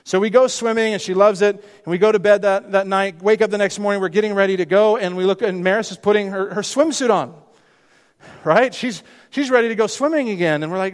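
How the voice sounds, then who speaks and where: Brief: male pastor mid-sermon, high-pitched, insistent repetition, long hall reverb. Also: a little fast. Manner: emphatic, repeats phrases, rhetorical questions.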